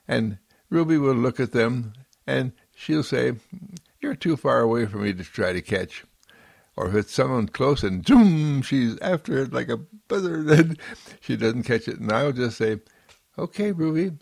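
Male speaker, unhurried reflective monologue, soft repetitive musing, gravelly texture. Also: medium pitch, no room sound.

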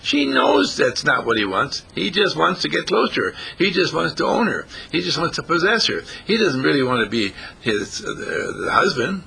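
A man's voice: on the high side, very animated, normal speed, vocal fry, hardly any pauses, sharp tone, breathy edge. A man preaching a folksy sermon, repeating phrases and lifting his voice on the key words. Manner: folksy, repetitive, rising emphasis on key phrases.

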